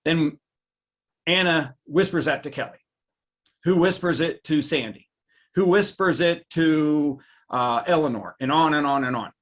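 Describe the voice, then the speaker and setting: A man presenting a live webinar, animated, reading out viewers' reactions by name and jumping up in pitch for emphasis. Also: unhurried. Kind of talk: lively live webinar talk.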